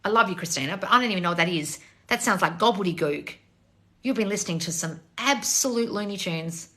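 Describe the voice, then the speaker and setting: A woman's voice: mid-range voice, animated, fairly quick, pushed and bright. A woman coach on a live stream answering chat questions, blunt and sarcastic, swearing freely. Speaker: manifestation coach.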